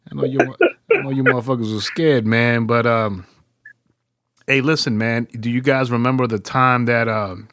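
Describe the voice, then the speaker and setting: A man's voice: mid-range voice, fairly even intonation, normal speed, a bit bright, no echo. A man hosting a podcast, telling a rowdy story in casual, profane chat and laughing through it. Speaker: podcast host.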